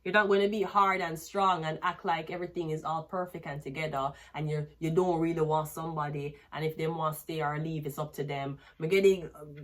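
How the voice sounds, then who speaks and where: A woman's voice: low-pitched, fairly even intonation, a little fast, a bit bright. A woman giving a rambling, blunt tarot reading, crude and casual. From Jamaica. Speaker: tarot reader.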